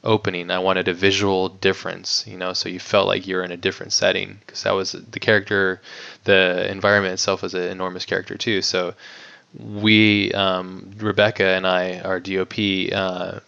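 Male guest, low gravelly voice, smooth and resonant underneath, loose chatty delivery with frequent fillers, dull lo-fi recording. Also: flat delivery, normal speed, sharp tone. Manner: rambling, heavy on "like", swears casually. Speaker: guest filmmaker. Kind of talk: casual podcast interview. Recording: dull lo-fi audio.

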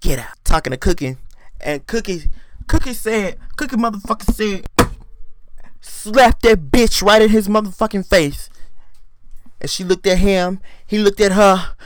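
A man giving a casual, profane, animated recap of a TV episode, acting out the scenes. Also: high-pitched, measured pace, pauses often. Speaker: TV recap commentator.

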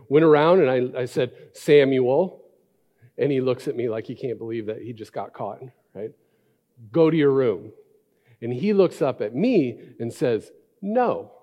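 Mellow-voiced pastor in a reverberant hall. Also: male voice, mid-range voice, dull audio. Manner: reads scripture slowly, then tells a lively family story. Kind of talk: sermon. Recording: long reverb of a large hall.

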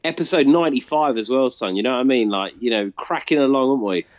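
A man's voice: medium pitch, quick pace, dry recording. British male co-host, teasing and slangy, slightly lo-fi dry recording. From Britain. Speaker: podcast co-host. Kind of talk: casual podcast chat. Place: top-floor flat.

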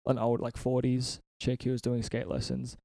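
A man's voice: medium pitch, monotone, normal speed, vocal fry, warm tone, dry recording, clean studio sound. A man hosting a casual podcast from a friend's house, rambling through stories with lots of swearing and laughter. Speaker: podcast host.

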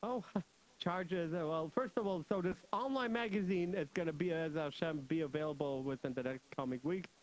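A young man hosting a children's radio show, joking, laughing often and telling stories in an animated way. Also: on the high side, normal speed, poor audio. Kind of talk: playful storytelling for kids.

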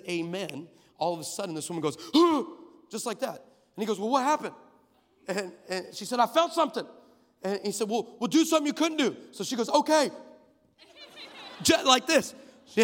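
High-voiced man preaching in a reverberant hall. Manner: builds to shouted crescendos, acts out voices in stories. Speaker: guest preacher. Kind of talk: energetic sermon with storytelling.

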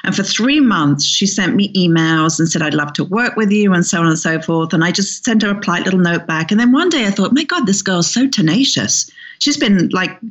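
A woman, a hairstylist guest in an interview, telling anecdotes in an energetic, emphatic way and repeating words for stress. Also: fairly low pitch, fairly quick, few pauses. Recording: slightly muffled lo-fi audio.

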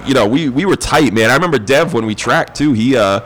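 A man's voice: medium pitch, fairly quick, low-quality recording. A young man, swapping stories in casual, profane chat. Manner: profane, animated storyteller.

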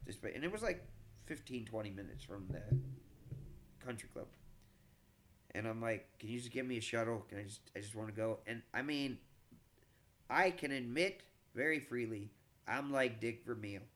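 A middle-aged man, a comedian, telling a long story in a casual, animated, profane way, with frequent stammered restarts. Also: medium pitch, normal speed, pauses often, slight background noise.

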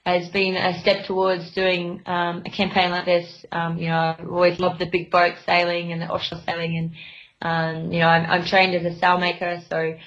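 A woman's voice: on the low side, monotone, normal speed, a bit bright. A young adult woman sailor, interviewed in a casual radio chat, talking hesitantly with many fillers and restarts. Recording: dull lo-fi line.

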